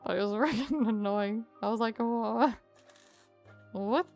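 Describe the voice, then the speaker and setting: A young woman streamer telling a story to her chat in a casual, animated way with frequent laughs. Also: mid-range voice, unhurried, soft background music.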